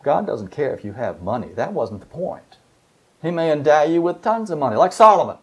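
A man's voice: fairly high pitch, very animated, a little fast, husky. A man preaching a sermon, walking through scripture verses in a conversational way and asking his listeners rhetorical questions.

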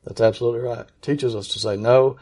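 A man preaching with steady conviction. He leans hard on key phrases and slows down to drive them home, in an ordinary-pitched voice. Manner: earnest, emphatic preaching, slows for key words. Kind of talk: sermon.

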